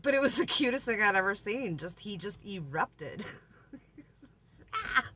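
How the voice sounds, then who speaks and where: Bright-voiced chatty woman vlogger. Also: medium pitch, expressive, measured pace, slight background noise. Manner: chatty, laughing, exaggerating storyteller. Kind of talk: story time vlog.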